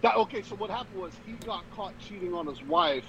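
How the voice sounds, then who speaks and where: A man's voice: sits high, lively intonation, a little fast, muffled recording, a crowd in the background. Laughing, swearing young man. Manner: swearing, storytelling, laughs often. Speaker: podcast co-host. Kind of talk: casual chat.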